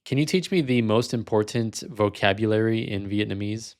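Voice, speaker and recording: Male vlog host, slightly low voice, frank casual delivery. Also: normal speed. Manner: casual, frank, sometimes amused. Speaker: language learner and video host.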